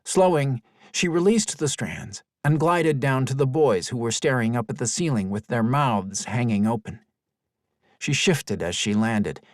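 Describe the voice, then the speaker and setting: Male storybook narrator, animated pitch, mid voice, dry booth recording. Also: no room sound. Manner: expressive storytelling. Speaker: audiobook narrator. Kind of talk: scripted narration.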